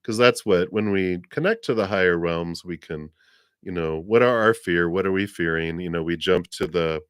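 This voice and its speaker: Man, deep voice, dry close sound, gentle rambling psychic reader, laughs often, voice lower than usual today. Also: moderate pace, clear, resonant tone, no echo. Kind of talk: casual live reading.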